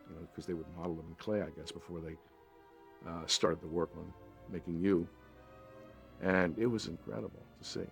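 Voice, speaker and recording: A man's voice: deep voice, a bit bright. An older man, an actor, recalling a film shoot in an interview, reflective and with stammering restarts. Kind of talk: anecdotal interview.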